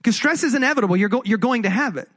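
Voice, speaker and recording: High-voiced man preaching a lively sermon. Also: very fast. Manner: animated, conversational, jokey preaching. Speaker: pastor.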